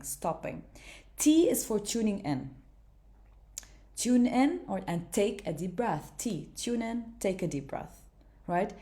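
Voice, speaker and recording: A woman teaching mindfulness in a casual monologue, gentle and chatty, often pausing on "okay" and "right". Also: fairly low pitch.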